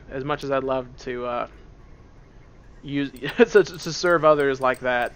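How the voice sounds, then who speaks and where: A man playing a computer game in a dark room at home, with headphones on, talking through it in a playful, joking way. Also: mid-range voice, slight background noise. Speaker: let's play host. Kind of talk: casual gameplay commentary. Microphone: wearing headphones at the computer.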